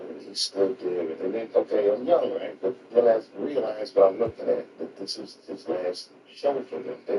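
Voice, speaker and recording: A male comedian telling a reflective anecdote in a measured storytelling manner. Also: deep voice. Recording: roomy distant noisy recording.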